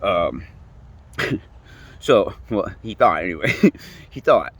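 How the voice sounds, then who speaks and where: A man's voice: low voice, sing-song, extremely slow, fairly bright tone, breathy edge, no echo. A young man telling his own story in a casual rant, swearing often, repeating himself and trailing off mid-sentence. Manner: profane, rambling, repeats himself.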